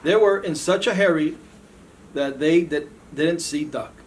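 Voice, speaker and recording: A man's voice: on the high side, unhurried. Man reading a picture book to kids. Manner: lively, varied storybook reading with animal voices. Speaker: police officer reading to children. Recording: faint background noise.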